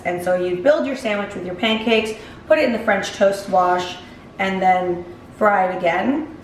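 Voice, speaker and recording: A woman's voice: medium pitch, measured pace. Woman vlogging while she cooks, chatty, walks you through every step, kitchen sounds roomy with a little noise behind. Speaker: vlog host. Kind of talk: casual cooking vlog chat. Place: home kitchen.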